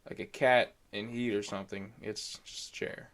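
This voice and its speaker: A man's voice: lowish voice, steady tone, normal speed, fairly bright tone. Rambling male podcast co-host at home. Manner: loose, rambling, self-deprecating. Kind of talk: casual chat. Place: home computer chair, recording remotely.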